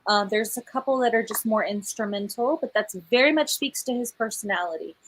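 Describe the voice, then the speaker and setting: A woman's voice: medium pitch, fairly quick, slightly rough, poor audio. Chatty sounding woman author. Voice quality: chatty, laughs often, uses "y'all". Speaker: author hosting a live book premiere. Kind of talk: casual livestream chat.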